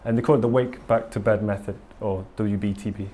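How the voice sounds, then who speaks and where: A man's voice: on the low side, fairly even intonation, brisk, mellow, a little hiss or hum. Enthusiastic man giving a talk. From England. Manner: candid, enthusiastic, rambling with many ums. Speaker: conference speaker. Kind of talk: live conference talk and Q&A. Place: conference hall.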